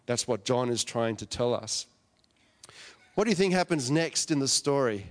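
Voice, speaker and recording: Man preaching, casual and chatty, asks questions, medium pitch, long hall echo. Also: animated, normal speed. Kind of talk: conversational sermon.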